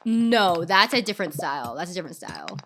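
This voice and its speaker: A woman's voice: fairly low pitch, big pitch swings, fast, a bit bright, a little hiss or hum. A sick-sounding woman streaming a game, rambling casually with fillers, restarts and swearing. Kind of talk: casual gameplay commentary.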